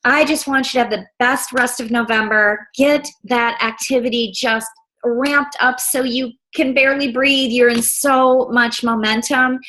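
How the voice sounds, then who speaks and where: A woman's voice: fairly high pitch, steady tone, a little slow, sharp tone, poor audio. A woman hosting a team video call, giving an enthusiastic sales pep talk and repeatedly saying "you guys".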